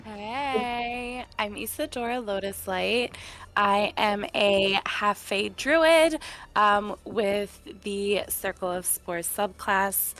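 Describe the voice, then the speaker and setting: A woman playing in a tabletop game over a call, relaxed and joking as she introduces her character. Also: medium pitch, takes it slowly, faint music behind. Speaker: player. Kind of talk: casual game chat.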